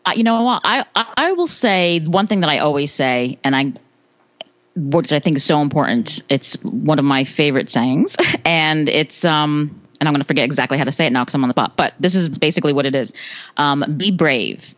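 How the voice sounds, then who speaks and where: A woman's voice: sits low, a little fast, no echo, poor audio. A woman in her thirties talks about her kids as a podcast guest. She laughs easily and often restarts her sentences. Her voice is recorded close and dry, with no room sound. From United States. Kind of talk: casual interview answers.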